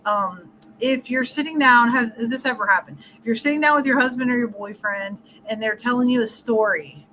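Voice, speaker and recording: A woman's voice: fairly high pitch, fairly quick, sharp tone, a little hiss or hum, low-quality recording. A middle-aged woman relationship coach talking casually in an interview, explaining with everyday scenarios and laughing often.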